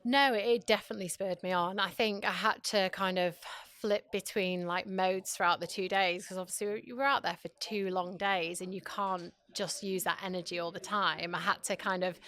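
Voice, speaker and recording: Even-toned woman former athlete. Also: mid-range voice, moderate pace, hardly any pauses. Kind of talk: casual podcast interview. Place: stadium.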